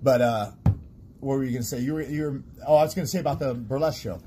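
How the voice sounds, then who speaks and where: A man's voice: mid-range voice, fast, a little hiss or hum. A man, a guest who works as a stage sound and lighting technician, telling stories in casual chat with lots of laughter and restarts. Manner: laughing storyteller, animated, trailing restarts.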